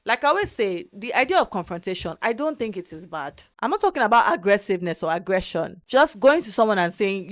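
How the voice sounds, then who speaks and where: A young adult woman from Nigeria with a Nigerian accent, giving animated, emphatic advice in a casual vlog monologue. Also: mid-range voice, a little fast, hardly any pauses. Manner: animated, emphatic, repeats words for stress. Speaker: vlogger.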